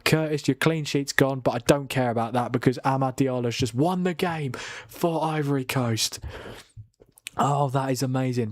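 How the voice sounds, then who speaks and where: A man reacting live to a football match from home late at night. He talks fast and excitably, laughing and swearing as he calls the action to a friend. The sound is close and dry. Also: mid-range voice, no echo. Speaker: watchalong host. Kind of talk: live football watchalong commentary. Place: home at night, keeping quiet.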